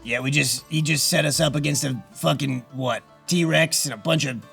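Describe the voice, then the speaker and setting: A man's voice: on the high side, normal speed, gravelly, pushed and bright, slightly rough, soft background music. A man playing a tabletop game, brash and profane in his talk. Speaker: player. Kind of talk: casual chat at a game table.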